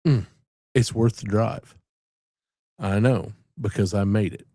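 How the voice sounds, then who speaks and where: A man's voice: lowish voice, slow pace, warm tone. A man hosting a casual live stream, rambling and joking with frequent laughter. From southern United States.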